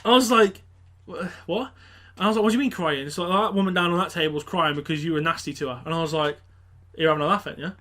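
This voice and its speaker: A young man, telling an animated story on a casual podcast and acting out the voices. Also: fairly high pitch, fast talker. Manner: animated, acts out quotes, swears, laughs. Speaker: podcast co-host.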